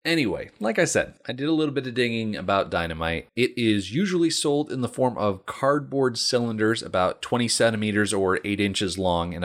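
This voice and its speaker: Man, podcast co-host, low voice, dry jokey delivery, casual recap. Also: a bit bright. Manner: dry, jokey, explains researched facts. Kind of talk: casual movie recap chat.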